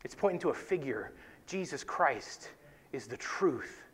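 A man hosting a devotional talk, teaching from scripture in an earnest, conversational way, often checking in with "right?" and dropping softly for emphasis. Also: animated, measured pace, breathy edge. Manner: conversational, tags points with "right?"; earnest, drops to soft low emphasis. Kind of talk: casual Bible teaching.

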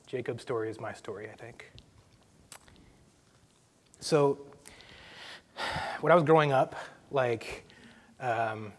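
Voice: mid-range voice, slow pace, pauses often. A co-host giving a personal testimony, hesitant and thoughtful.

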